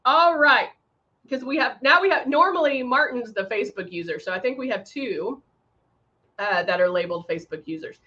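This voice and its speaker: Fairly high-pitched, animated, and pushed bright, this woman speaks at a normal speed as she demonstrates makeup on a livestream. Between steps she chats with viewers, greets them by name, and uses plenty of fillers, over slightly dull audio.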